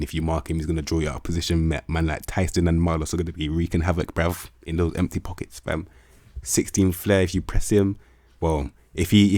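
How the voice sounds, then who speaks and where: A young gaming video host with a low voice gives casual, slang-heavy game commentary, swearing freely and animatedly hyping up players. The recording is dry and studio quality.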